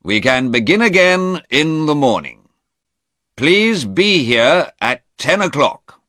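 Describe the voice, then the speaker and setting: A man's voice: on the high side, very animated, slow pace, bright, forceful tone, dry recording, studio quality, voice pushed up, exaggerated voice. A man doing a formal courtroom judge. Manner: formal, announcing. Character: formal male judge, authoritative.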